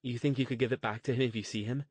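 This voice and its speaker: A man's voice: mid-range voice, fairly even intonation, rapid-fire, breathy edge, no room sound, lightly acted. A man voicing a young female magic student who speaks casually and forthright. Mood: curious.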